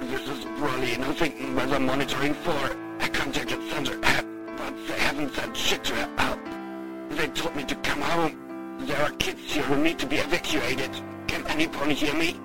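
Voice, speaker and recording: A man's voice: mid-range voice, unhurried, pitched above the performer's own voice, lightly acted. A man reading an audiobook, voicing a desperate male pegasus radio operator who curses and pleads for help. Music plays behind him. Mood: pleading. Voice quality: cursing, panicked, pleading. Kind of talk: audiobook character voice.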